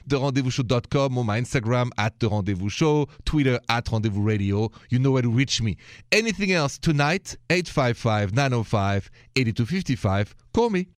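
A man's voice: mid-range voice, animated, moderate pace, dry recording, studio quality. Male late-night radio host. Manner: warm, encouraging, speaks with a thick accent. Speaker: radio advice show host. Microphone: studio microphone.

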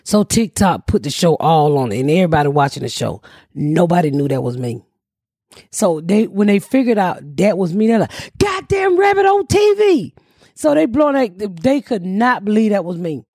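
A middle-aged woman from Atlanta, a podcast host telling a story in a profane, animated way and shouting out quotes. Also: on the low side, moderate pace, breathy edge, no room sound, studio quality. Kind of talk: casual storytelling chat.

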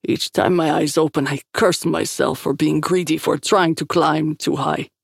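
A woman doing a grave, gravelly man. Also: fairly high pitch, steady tone, dry recording, clean studio sound, full character voice. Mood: grim. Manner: grave, slow, resigned. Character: guilt-ridden cursed Russian man, bitter.

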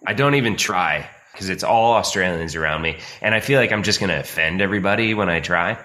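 A man's voice: deep voice, fast talker, bright, forceful tone. A man joining a podcast as guest co-host, easygoing and laid-back in casual chat.

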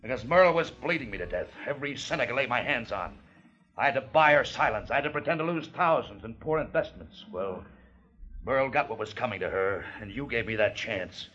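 An actor playing a smug, menacing killer posing as an English lord in a 1950s radio drama. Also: male voice, medium pitch, lively intonation, brisk, sharp tone. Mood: confessing. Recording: dull lo-fi 1950s radio broadcast.

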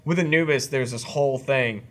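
A man's voice: mid-range voice, normal speed, a bit bright. A man co-hosting a casual group podcast, rambling and searching for words with plenty of fillers. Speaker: podcast co-host.

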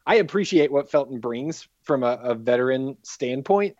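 A man leading a segment on a sports podcast, reading off stats at a steady clip and keeping the talk on track. His voice comes through a little dull and lo-fi. It sounds dry, with no room echo. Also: medium pitch, moderate pace. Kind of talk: casual sports chat.

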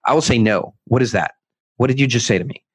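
A man speaking as a guest author in an interview, emphatic and animated, acting out quotes with many restarts. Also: mid-range voice, fast, slight background noise.

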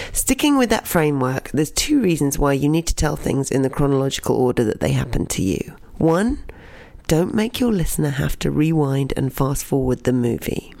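A young adult narrating a personal anecdote and then teaching its lesson. The voice has a gravelly fry and an expressive delivery that often sinks into a soft whisper. It is recorded close and dry, with no room sound. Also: medium pitch, no echo. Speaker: storytelling teacher. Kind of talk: told personal story and lesson.

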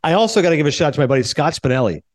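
A man in his forties hosting a podcast, telling stories in a casual chat and acting out what others said. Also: on the high side. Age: 40s. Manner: animated, acts out others' lines in quick storytelling. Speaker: podcast host.

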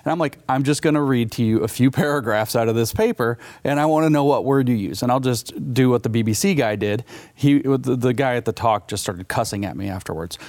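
A man's voice: mid-range voice, fairly quick, a little mellow, no echo. Emphatic man, dry studio sound. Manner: emphatic, combative, punchy lists. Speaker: guest author. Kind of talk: political talk show interview.

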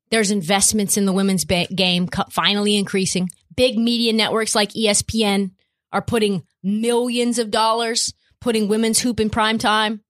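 A woman's voice: medium pitch, a bit bright. A woman hosting a sports podcast, ranting with profanity and rhetorical questions. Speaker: podcast host. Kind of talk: opinionated sports talk.

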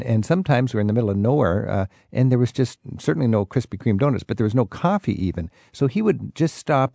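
A man's voice: medium pitch, creaky, dark tone, dry recording. A man hosting a radio call-in show, chatting with callers and telling friendly stories with a chuckle. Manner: friendly storytelling, chuckles often. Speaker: radio talk show host. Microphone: studio microphone.

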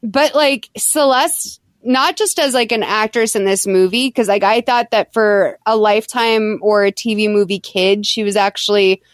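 A woman hosting a podcast, chatting casually as she retells a movie plot in an animated way. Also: mid-range voice, normal speed, hardly any pauses, dry recording. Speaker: podcast host. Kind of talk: casual chat recapping a movie.

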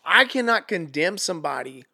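A man with a somewhat high, gravelly voice and a bright, sharp edge to it. He tells stories casually as a podcast guest, with lots of swearing and quotes acted out in different voices. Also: brisk. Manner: animated, profane, acts out quotes. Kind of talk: casual storytelling.

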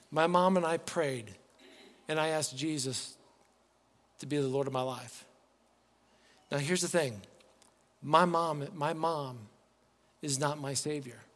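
A man's voice: on the high side, a bit bright. A man preaching a sermon as pastor, earnest and pleading, often restarting his words. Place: church sanctuary. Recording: long reverb, faint music behind.

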